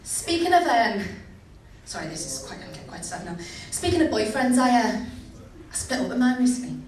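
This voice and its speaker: A woman's voice: a little high, sing-song, fairly quick, background noise. A young woman doing a cheeky, chatty stand-up set, asking the crowd questions. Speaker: stand-up comedian. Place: comedy venue. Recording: echoey venue, distant mic.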